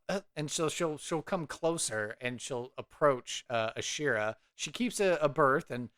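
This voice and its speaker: A man's voice: fairly high pitch, expressive, measured pace, hardly any pauses, fairly bright tone. A man casually narrating his character's actions in a tabletop game, rambling with many fillers. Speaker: player.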